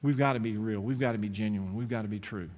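Male pastor, sermon delivery with lively storytelling and prayer, voice in a big reverberant hall. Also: on the low side, fast, lo-fi sound. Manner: storytelling, rising to animated emphasis.

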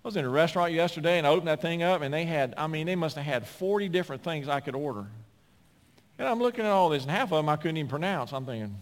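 A man preaching from the pulpit, his somewhat high voice rising into emphatic, near-shouted declarations. He talks in a folksy way, repeating words and looping back through phrases. His sermon rings out with a long reverb through a large church sanctuary. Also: expressive, quick pace. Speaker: pastor.

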